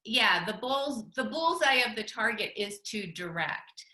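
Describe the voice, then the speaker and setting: A woman's voice: fairly high pitch, animated, measured pace, sharp tone, echoey room. A woman teaching a communication workshop with her husband, chatty, with frequent laughs and restarts. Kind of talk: teaching talk with spouse.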